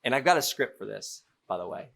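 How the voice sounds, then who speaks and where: A middle-aged man teaching real estate by acting out a phone negotiation as a lively story. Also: fairly low pitch, fairly quick, vocal fry. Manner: animated storytelling, playful role-play. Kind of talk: teaching through an acted-out example.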